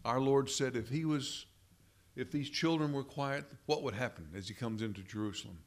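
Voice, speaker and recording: A mid-range voice carries this pastor's sermon, which moves slowly and deliberately. Addressing the congregation as brethren, he repeats phrases to emphasize his message.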